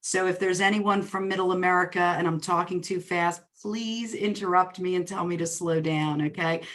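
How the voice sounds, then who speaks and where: A woman with a New Jersey accent, a real estate coach presenting a webinar in a fast, excited, upbeat way. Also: lowish voice. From New Jersey, US Northeast.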